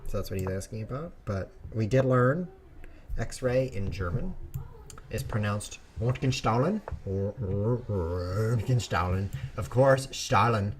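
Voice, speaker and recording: A man hosting a chess stream, chatting casually and joking through his moves, with sudden bursts and quiet mumbles. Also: lowish voice, animated, measured pace, background noise. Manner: playful, jokey, rambling asides. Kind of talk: casual live commentary while playing.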